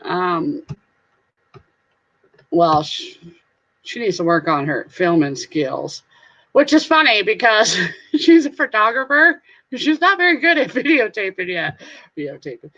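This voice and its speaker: A woman's voice: medium pitch, expressive, unhurried, long pauses, fairly bright tone. Giggly goofy Southern woman on a live stream. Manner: goofy, giggly, playful sing-song voices. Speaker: live stream host, reseller. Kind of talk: casual live chat reading comments. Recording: slightly dull lo-fi stream audio.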